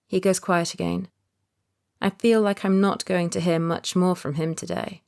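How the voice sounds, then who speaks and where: A woman narrating a romance audiobook in the first person, in a calm, measured read. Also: lowish voice, creaky, clear, resonant tone.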